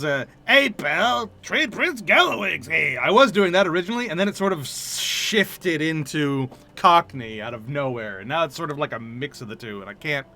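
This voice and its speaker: A man's voice: a little high, sharp tone. A man streaming a role-playing game, chatting casually and laughing at himself. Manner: chatty, laughing, self-mocking.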